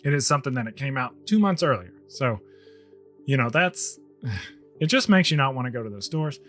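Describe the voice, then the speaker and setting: Man, podcast co-host, casual rambling rant, tired, going hoarse, mid-pitched voice. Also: expressive, normal speed, a bit bright, faint music behind. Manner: ranting, rambling, with restarts. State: losing his voice, tired.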